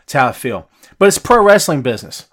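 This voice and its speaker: A man's voice: medium pitch, sing-song, a little fast, fairly bright tone. A man hosting a casual podcast livestream, ranting bluntly and passionately while answering viewer comments. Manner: casual slangy talk with many repeats. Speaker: wrestling podcast host.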